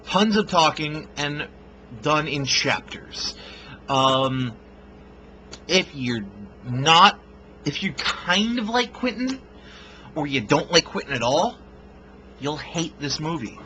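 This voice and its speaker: A man reviews a film in a casual, rambling way, swearing freely and stumbling over fillers. His voice sits a little high and sounds bright and forward. A faint hiss of background noise runs under the recording. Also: animated, takes it slowly, long pauses, poor audio. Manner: blunt, profane, rambling with fillers.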